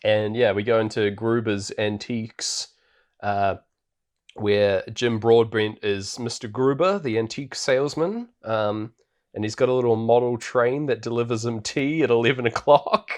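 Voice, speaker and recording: A man of middling pitch co-hosts a podcast and recaps a film in a loose, rambling chat. He fills his sentences with "like" and "um" and breaks into laughter often. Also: normal speed. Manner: rambling, laughs often, heavy filler words. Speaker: podcast co-host.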